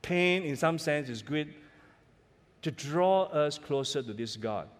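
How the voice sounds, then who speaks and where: Middle-aged pastor in a reverberant hall. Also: male voice, a little high, animated, slow. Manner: earnest storytelling, building to emphatic peaks. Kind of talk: sermon. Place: church sanctuary.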